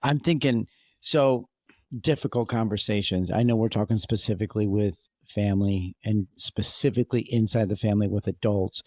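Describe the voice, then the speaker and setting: Male co-host, low warm voice, thoughtful casual chat. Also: moderate pace, no room sound, studio quality. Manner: thoughtful, tag questions. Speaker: podcast co-host.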